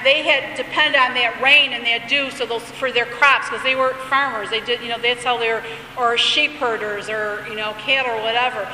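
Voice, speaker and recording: A woman's voice: high-pitched, sharp tone, recorded from a distance, slight background noise. A woman teaching a sermon, reading prayers aloud and then explaining them in a conversational way. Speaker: Bible teacher. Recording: echoey hall, faint ambience.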